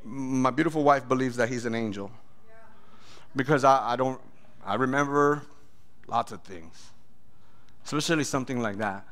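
Bright-voiced man preaching his testimony. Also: medium pitch, normal speed, long pauses. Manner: animated storytelling, acts out voices, laughs often. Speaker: pastor. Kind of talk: sermon testimony.

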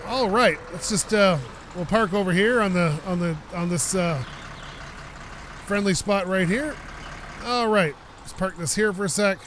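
Excitable male game commentator with a high voice, engine rumble loud under him. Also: measured pace. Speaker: let's play host. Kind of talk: casual gameplay commentary.

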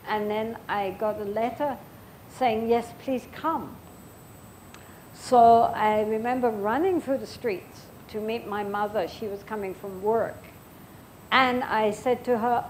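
Gentle older woman giving a dharma talk. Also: a little high, fairly even intonation, a little hiss or hum, rough recording. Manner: gentle, reflective storytelling with frequent pauses. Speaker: Buddhist teacher.

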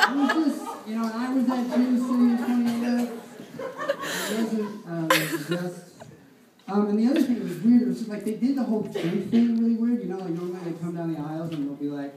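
A man's voice: high voice, a little fast. Rambling male stand-up, echoey and far. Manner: loose, rambling, chuckling at his own jokes. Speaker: stand-up comedian. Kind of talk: amateur stand-up set. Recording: echoey room, far mic, noisy.

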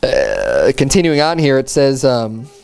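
A man preaching a sermon, retelling a scripture story in a casual, animated way and acting out quoted lines in a raised, mocking voice. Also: mid-range voice, a little slow, gravelly, a little hiss or hum.

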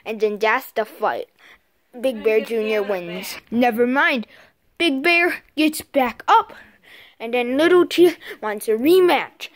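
Slow, halting female toy-play commentator. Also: high voice, a little hiss or hum. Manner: halting, repeats "and then" often. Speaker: video host.

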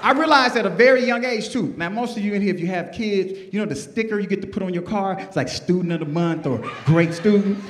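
A man in his fifties doing a loud, animated stand-up comedy set on stage, swearing freely as he tells stories. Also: high-pitched, quick pace, hardly any pauses. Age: 50s. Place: comedy stage before a live audience. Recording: roomy venue sound with faint audience.

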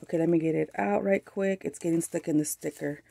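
Woman, Mexican-American accent, slightly low voice, gushing and excited as she opens a craft package; dry room. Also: fairly quick, gravelly, breathy edge, no echo. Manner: gushing, excited, frequent laughs. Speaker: craft channel host. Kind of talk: casual unboxing chat.

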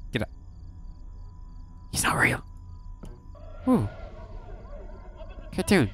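A young man playing a horror game for video, reacting with sudden swearing and reading the game's text aloud. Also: medium pitch. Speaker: gaming YouTuber. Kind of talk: horror game let's play commentary.

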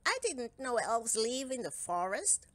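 A woman's voice: fairly high pitch, very animated, measured pace, no echo, voice pushed up. A woman reading aloud and voicing a brave but easily startled male gnome who exclaims and moans, with faint music behind.

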